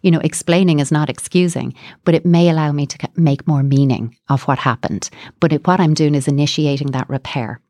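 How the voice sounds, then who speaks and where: A woman speaks as a psychotherapist guest on a podcast, calm and explanatory. Her voice sits low. The sound is dry and close, with no room echo. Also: brisk, few pauses. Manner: calm, explanatory, acts out example dialogue. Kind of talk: podcast interview, explaining advice.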